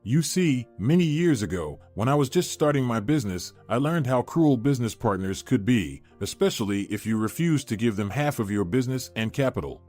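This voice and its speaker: A man's voice: medium pitch, animated, a little fast, few pauses, a little mellow, faint music behind, natural voice. A man voicing a grave, bitter rich businessman. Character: wealthy middle-aged businessman, grave and bitter.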